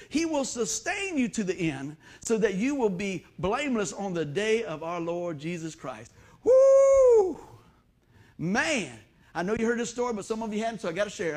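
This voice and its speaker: A preacher with a high-pitched voice spins a folksy story from the pulpit. He acts out the voices and sound effects as he talks, then leans into the sermon.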